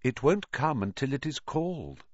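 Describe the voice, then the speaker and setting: A man reading aloud, voicing a quiet, calm and menacing teenage boy who speaks softly. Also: lowish voice, measured pace, dry recording, highs cut off. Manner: soft, quiet, calm, smug.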